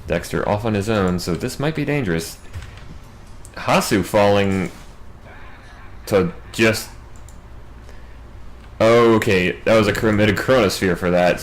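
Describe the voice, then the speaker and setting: A man doing solo play-by-play game commentary, racing through big fights and dropping wry asides in quiet moments. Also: sits low, a little hiss or hum, low-quality recording. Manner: quick, excitable calls in big plays, wry asides in lulls. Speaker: match commentator.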